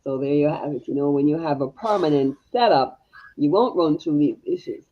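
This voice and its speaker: A woman's voice: sits low, expressive, normal speed. Reassuring woman co-host explaining to viewers, dull lo-fi sound. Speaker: livestream co-host. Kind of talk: casual chat.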